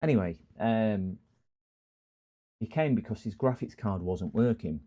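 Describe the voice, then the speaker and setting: The recording is lo-fi, capturing a broadly accented Scottish man whose voice is fairly low, mellow, animated, and unhurried. He chats casually on a live stream, greeting viewers and rambling through stories as he works on computers.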